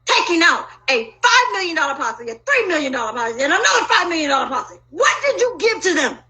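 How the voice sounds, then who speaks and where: A woman in an emotional personal monologue, talking in an agitated, profane and rambling way with sudden loud outbursts. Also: very high-pitched, very animated, fast, low-quality recording.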